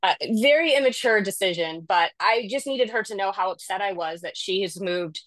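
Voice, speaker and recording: A woman's voice: medium pitch, moderate pace, a bit bright, no echo. A middle-aged woman on a video call, telling a rambling, self-deprecating story about caring for her mother. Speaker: caregiver sharing in a support group. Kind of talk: candid personal story in a video call group.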